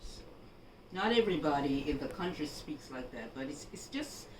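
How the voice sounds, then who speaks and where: A woman from Jamaica gives an unhurried, instructive housekeeping demonstration and keeps checking in with her viewer. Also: deep voice, expressive. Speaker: housekeeping vlogger. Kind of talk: home laundry-folding demonstration. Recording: echoey room, voice from a distance, background noise.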